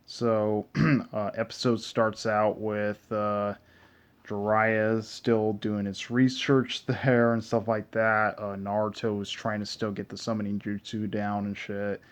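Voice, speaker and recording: A man casually recapping an anime episode, rambling with heavy fillers, cursing and frequent throat clearing. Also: on the low side, flat delivery, slow pace. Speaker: anime reviewer. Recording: dull lo-fi recording.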